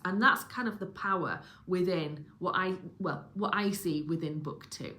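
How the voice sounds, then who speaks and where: Bright-voiced Yorkshire woman musing on books. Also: on the low side, moderate pace, few pauses. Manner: rambling, full of restarts and fillers, musing. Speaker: book reviewer. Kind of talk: reflective solo book talk.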